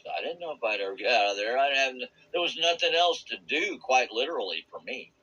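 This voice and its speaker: A man giving a rambling, earnest personal testimony about a spiritual experience. He searches for words and laughs softly now and then. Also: mid-range voice, lively intonation, fast talker, slightly rough, highs cut off. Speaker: vlogger sharing a spiritual experience.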